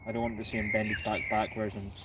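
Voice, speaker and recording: Fast-talking Scottish man outdoors. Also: lowish voice, flat delivery, background noise. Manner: chatty, joking, swears freely. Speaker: vlogger. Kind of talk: casual banter on a train platform. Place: outdoors at a railway station.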